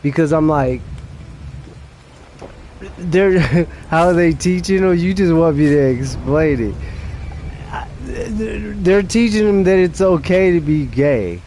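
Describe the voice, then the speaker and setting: A man's voice: a little high, animated, slow pace, pauses often, mellow, slight background noise. A young adult man streaming a game late at night, chatting casually in a rambling, profane way with restarts.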